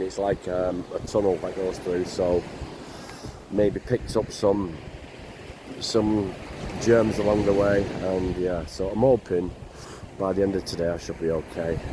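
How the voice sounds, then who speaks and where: An older man with a blocked nose, talking slowly and plainly in a casual travel vlog by the sea. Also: low voice. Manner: slow, rambling, plain-spoken. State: congested, bunged up. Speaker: vlogger. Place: outdoors by the sea. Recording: noisy outdoor recording.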